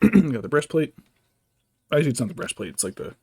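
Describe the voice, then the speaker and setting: A man's voice: fairly high pitch, big pitch swings, a little fast, creaky, pauses often, darkish tone, slightly rough, dry recording, studio quality. A man streaming as a vtuber, chatting casually and muttering to himself while he paints miniatures. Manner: rambling, mutters to himself, baby-talks his cat. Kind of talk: casual chat while working.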